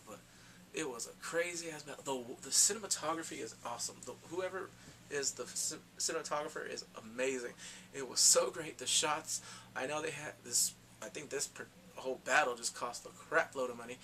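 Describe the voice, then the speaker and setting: An excitable man chatting through a TV episode recap in a loose, slangy way, now and then jumping into little impressions of the characters. His voice sits a bit high and sounds bright and forceful, with a faint hiss of noise behind him. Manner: excitable, slangy, acts out characters in quick asides. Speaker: TV recap vlogger.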